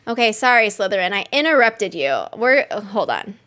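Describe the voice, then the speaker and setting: A woman hosting a live stream, reacting excitedly to a game trailer, gushing and laughing often. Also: medium pitch, moderate pace, soft background music. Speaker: host.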